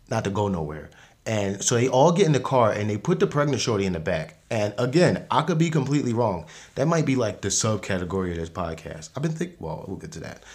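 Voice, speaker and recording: A man's voice: lowish voice, darkish tone. A man hosting a podcast, recapping a movie in casual slang, rambling with frequent restarts and laughs. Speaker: podcast host.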